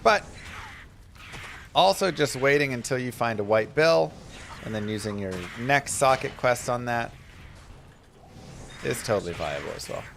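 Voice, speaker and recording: A man's voice: medium pitch, animated, unhurried, creaky, pauses often, fairly bright tone, slight background noise. A man giving casual, chatty commentary while streaming a game, mixing game tips with family stories.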